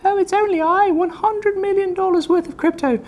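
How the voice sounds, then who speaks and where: A man's voice: fairly even intonation, normal speed. A man voicing a tiny, frightened crypto coin that speaks in a very small, meek voice. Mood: timid. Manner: meek and squeaky.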